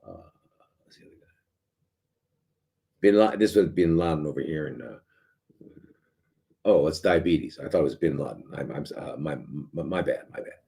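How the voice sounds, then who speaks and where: A man's voice: very deep voice, normal speed, vocal fry, long pauses, mellow, breathy edge. A middle-aged man, a doctor hosting a live show, talking casually in a sarcastic, rambling way with many restarts and fillers.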